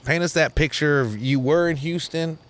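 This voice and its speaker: A young man hosting a podcast, talking in a casual, excitable way, laughing and cursing often. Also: on the high side, normal speed. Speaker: podcast host. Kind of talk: casual chat.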